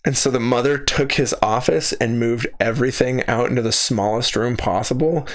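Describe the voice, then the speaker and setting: Animated, laughing young male podcaster. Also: medium pitch, moderate pace. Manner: animated storyteller who laughs often and mimics people. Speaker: podcast co-host. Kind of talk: casual chat.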